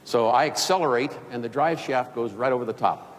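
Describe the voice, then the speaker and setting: An older man speaks as a keynote speaker, sharing folksy, humorous business anecdotes with an audience. His voice sits at a medium pitch and moves a little fast. The storytelling talk was captured in a reverberant hall with faint ambience.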